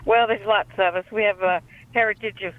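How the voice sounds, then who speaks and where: A woman with a Louisiana accent calls in to a talk show and rambles chattily through a family story. Her medium-pitched voice is brisk with fairly even intonation, heard over a tinny phone line.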